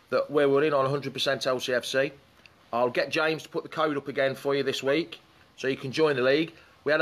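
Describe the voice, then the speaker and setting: A man with a slightly high voice hosts a relaxed live stream from beside a pool in the open air. He talks in a loose, chatty way, reading out viewers' comments and greeting them as he goes. The sound comes from a camera or phone set up poolside. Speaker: fan show host. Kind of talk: casual live-stream chat. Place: outdoors beside a swimming pool in the sun.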